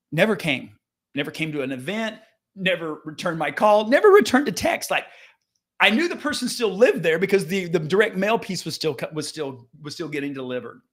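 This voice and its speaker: Middle-aged male coach, fairly high voice, loose rambling storyteller who acts out the dialogue. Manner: rambling, many restarts, lively quoted dialogue. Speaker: business coach and real estate agent. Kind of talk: casual storytelling monologue.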